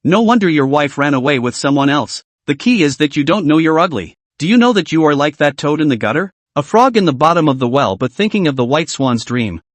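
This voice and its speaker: Defiant young man, read by a man: mocking and cursing, a bit high voice. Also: sing-song, fairly quick, few pauses, no echo. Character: young man insulting his former boss.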